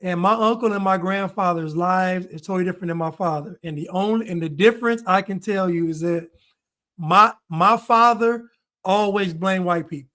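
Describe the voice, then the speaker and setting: A man's voice: high voice, normal speed, bright, forceful tone. A man hosting a podcast, talking bluntly and emphatically in casual chat, laughing often. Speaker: podcast host.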